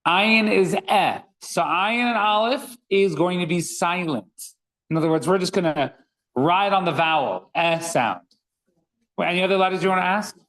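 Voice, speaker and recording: A man's voice: sits high, normal speed, fairly bright tone, poor audio. A man teaching a reading class, patiently sounding out letters and words one by one for his students. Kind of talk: classroom lesson.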